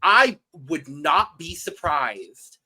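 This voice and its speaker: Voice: mid-range voice, big pitch swings, drawn-out words, sharp tone, breathy edge, rough recording. A podcast co-host recapping a reality show in casual chat, telling it as a story and acting out her own reactions.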